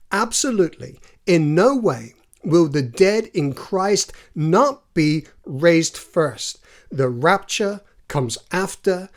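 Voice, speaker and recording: Slow, earnest Bible teacher. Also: medium pitch, a little mellow. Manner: measured, earnest, reads scripture aloud.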